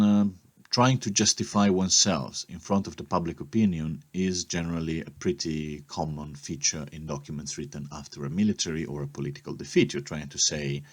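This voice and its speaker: Low raspy guy teaching a history class, explains step by step, keeps asking okay?. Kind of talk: recorded history lesson.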